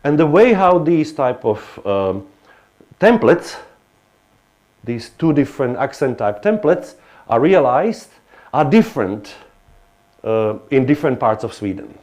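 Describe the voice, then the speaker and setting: A man's voice: medium pitch, very animated, unhurried, long pauses, darkish tone. Hesitant male lecturer. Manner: hesitant, many restarts and fillers. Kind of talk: academic lecture.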